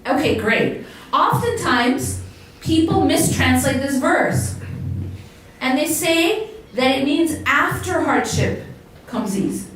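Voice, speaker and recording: A woman's voice: high-pitched, expressive, takes it slowly, a bit bright, slight background noise. A woman giving a religious talk to a live audience as an Islamic lecturer, engaging the crowd with questions. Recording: echoey hall, voice picked up from a distance.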